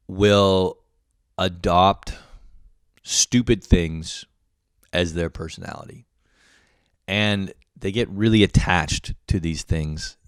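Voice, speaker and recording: Casual podcast guy in his late twenties, kinda low voice, cussing and rambling and poking fun at himself. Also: smooth, no echo, studio quality. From Canada. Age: late 20s. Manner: profane, rambling, self-mocking. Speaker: podcast host. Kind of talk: casual monologue.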